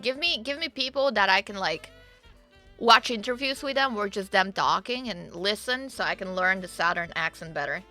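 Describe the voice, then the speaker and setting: A woman's voice: medium pitch, normal speed, bright, forceful tone, soft background music. A woman chatting casually on her livestream, joking and teasing herself as she plays. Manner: chatty, jokey, self-deprecating. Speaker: streamer.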